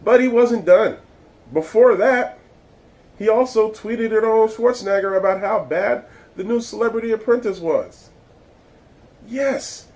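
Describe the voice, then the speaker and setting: A male vlog host rants in casual commentary, blunt and swearing freely. His voice sits a little high, and his tone stays exasperated throughout. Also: measured pace, a little mellow, poor audio.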